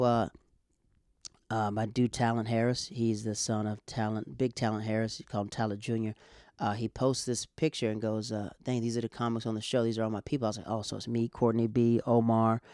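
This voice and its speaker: A man's voice: on the low side, little pitch movement, fairly quick, darkish tone, dry recording, studio quality. A stand-up comedian from Florida, telling stories in a casual, rambling way, repeating himself as he goes. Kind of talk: casual storytelling to camera.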